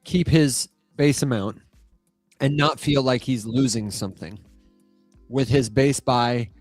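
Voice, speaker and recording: A man's voice: medium pitch, slow pace, no room sound, faint music behind. A man co-hosting a casual live stream, reading out viewer questions in a playful way.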